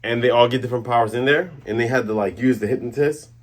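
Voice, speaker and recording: A man's voice: medium pitch, quick pace. A man hosting a casual comic chapter review, rambling through the recap and correcting himself as he goes. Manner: rambling, laughs at own voices, self-corrects. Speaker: manga review host.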